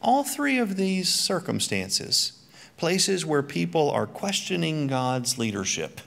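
Middle-aged male Bible teacher, animated pitch, quips at his own expense mid-lesson. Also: takes it slowly, vocal fry. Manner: joking, self-mocking asides. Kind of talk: church teaching talk.

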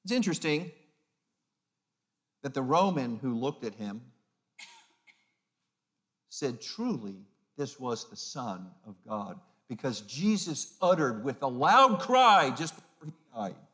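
A man preaching as a pastor, emphatic, swinging between loud peaks and hushed low phrases, and acting out the mocking voices of the crowd. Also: very animated, takes it slowly, pauses often. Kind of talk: sermon.

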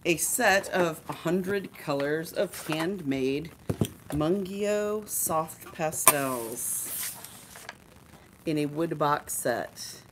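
A woman's voice: deep voice, animated, very slow, heavy background noise. A woman hosting a live art supply show, chatting and showing off products with enthusiasm while joking with her co-hosts. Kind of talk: casual live-stream product showcase.

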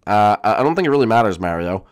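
A man's voice: on the low side, big pitch swings, fast, pitched below the performer's own voice. A young man voicing a shy talking hat companion who mumbles hesitantly in a game role-play. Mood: unsure. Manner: hesitant, mumbling, many ums. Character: timid, unsure male talking hat companion.

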